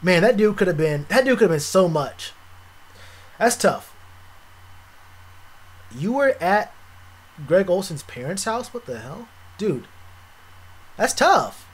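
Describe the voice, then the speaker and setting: A young man streaming live, chatting casually with viewers, animated and repetitive, full of slang. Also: sits high, takes it slowly, long pauses, slightly rough. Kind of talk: live stream reaction chat.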